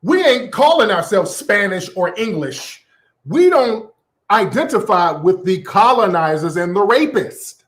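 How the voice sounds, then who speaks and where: Sassy profane American man, lively pitch. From United States. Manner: sassy, profane, mocking, calls people sweetie and boo. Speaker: commentary channel host. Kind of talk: ranting commentary.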